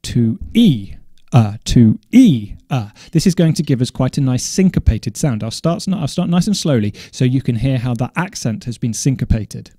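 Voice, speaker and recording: A man teaching drum coordination in a measured, methodical way, now and then correcting himself as he explains. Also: mid-range voice, animated, dark tone, husky. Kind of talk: instructional explanation.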